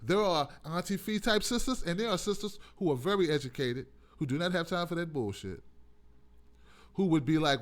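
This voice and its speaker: A man hosting a call-in show, talking in an animated, rambling, profane monologue, often laughing. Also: on the high side, normal speed. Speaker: host.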